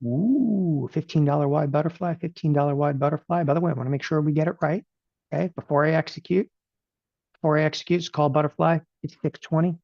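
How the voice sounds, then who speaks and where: A man teaching options trading in a live webinar. He talks in an animated, rapid-fire way and keeps asking "okay?" after every point. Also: on the high side, creaky, no echo, lo-fi sound.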